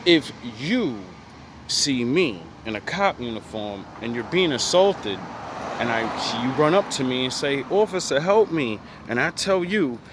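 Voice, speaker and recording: A man's voice: mid-range voice, lively intonation, normal speed, noisy background. An American man in a blunt, profane ranting commentary who hammers his points with repetition. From United States. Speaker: vlogger.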